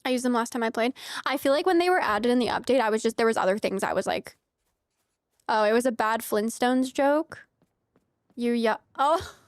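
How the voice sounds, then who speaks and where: A woman's voice: fairly high pitch, expressive, moderate pace, dry recording, studio quality. A young woman from the United States chatting casually with her viewers while streaming a game, giggly and full of filler words. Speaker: streamer playing a farming game.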